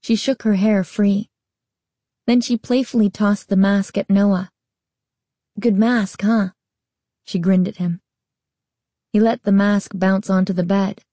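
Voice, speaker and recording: A woman narrating a storybook aloud with a slow, even reading. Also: mid-range voice, no echo.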